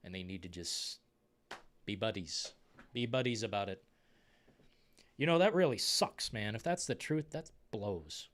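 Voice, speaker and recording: A young man hosting a gaming live stream, chatting casually and reading viewer comments in an excitable, profane, rambling way. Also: on the low side, unhurried, pauses often.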